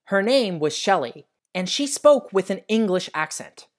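An American man hosting a science lesson for kids, telling stories in a friendly, animated way. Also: high-pitched, unhurried. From United States. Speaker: educational show host.

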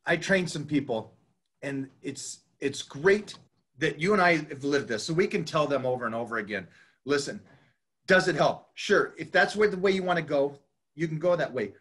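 Husky, slightly high-voiced middle-aged male host, eager and tripping over his words. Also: animated, normal speed, fairly bright tone. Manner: enthusiastic, restarts often. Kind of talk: casual interview chat.

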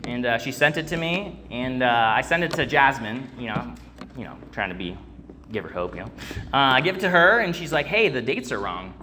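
A man's voice: medium pitch, lively intonation, fairly quick, pushed and bright, slight background noise. A young man preaching to a congregation. He tells a personal story in a rambling way, with many fillers and restarts, and calls out to the crowd. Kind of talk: church sermon with personal story.

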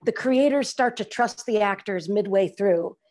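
A middle-aged woman talking casually on a video call as an interview guest, animated and acting out quoted lines. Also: mid-range voice, measured pace. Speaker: actress guest.

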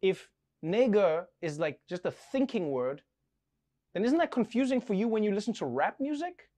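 Man, comedy host, wry, stammering, playful, slightly high-pitched. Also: big pitch swings, normal speed, warm tone. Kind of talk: comedic late-night desk banter.

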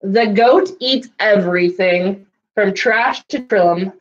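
A woman reads picture books to young children in an unhurried, animated way, stopping to quiz her listeners. She has a slight cough now and then. The recording sounds muffled and lo-fi. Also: medium pitch. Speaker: children's library storyteller.

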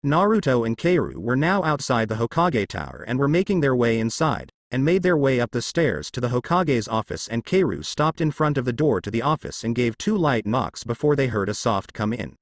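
Man, storybook narration, expressive, lively pitch, dry recording. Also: a little fast, few pauses, dry recording. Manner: expressive, lightly humorous reading. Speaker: fan fiction narrator.

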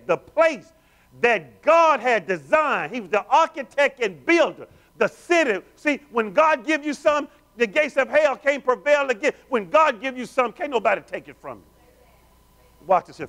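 A male pastor with a high voice and a very lively, sweeping pitch. He preaches with call-and-response, urging the congregation on as family. His volume dips from loud declarations to near-whispered asides. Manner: swings between loud declarations and hushed, low asides. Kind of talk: sermon. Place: church sanctuary.

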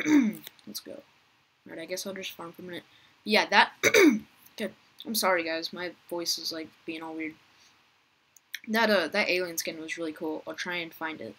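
A young woman giving casual gameplay commentary, chatty and talking to viewers and other players, her voice rough as she keeps clearing her throat. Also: fairly low pitch, normal speed, pauses often, fairly bright tone, rough recording. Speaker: gaming youtuber.

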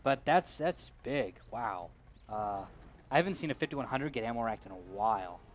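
A man's voice: medium pitch, lively intonation, normal speed, a little hiss or hum. A man doing color commentary on an esports match, goofy and jokey, with dry asides. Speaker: esports co-caster.

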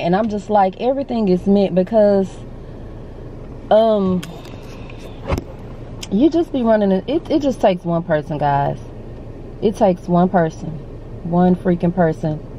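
Lady in her 30s, chatty excited vlog on a handheld phone, lots of car noise around. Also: fairly low pitch, muffled recording. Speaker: vlogger. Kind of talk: casual vlog. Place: store, then parked car.

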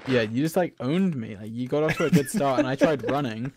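A man's voice: medium pitch, expressive, a little fast, noisy background. A young man chatting casually while playing a game, whiny and giggly, complaining about his bad luck. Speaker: gamer. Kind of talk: casual gameplay chat. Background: background music.

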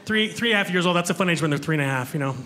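A man with a high voice doing stand-up in a club, joking about himself and bantering with the audience. The live recording carries a clear hum of room noise behind his handheld mic. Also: racing, pushed and bright. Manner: chatty, self-mocking, talks with the crowd. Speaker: stand-up comedian. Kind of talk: stand-up comedy set. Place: comedy club stage before a live audience.

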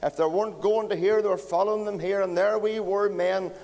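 A man's voice: sits high, fairly even intonation, brisk, vocal fry, darkish tone, big-room sound. A Northern Irish man preaching a folksy storytelling sermon at a carol service, chatting to the children in the congregation. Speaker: pastor. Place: church.

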